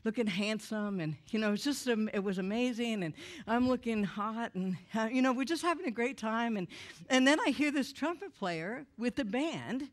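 A woman tells a humorous personal testimony to a church audience, in a lively way, acting out the voices of the people in her story. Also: a little high, normal speed. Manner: animated, humorous, acts out quoted voices. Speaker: speaker giving a personal testimony. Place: church event before an audience.

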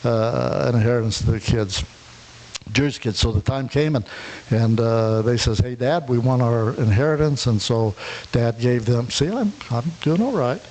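A man preaching a sermon, his voice sitting at an ordinary middle pitch. He tells a parable in a storytelling way, voicing the characters and often restarting his words. A faint hiss runs under the recording. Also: moderate pace, darkish tone, low-quality recording. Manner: retells a parable, acting out the characters, with frequent restarts.

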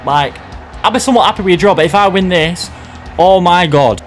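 A young man talks over his football game as he plays, swinging between excitement and self-mockery. His voice sits a touch high, and soft game music hums behind him. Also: fairly quick. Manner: excitable, self-mocking, reacts loudly to play. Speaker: gaming YouTuber. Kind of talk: live gameplay commentary.

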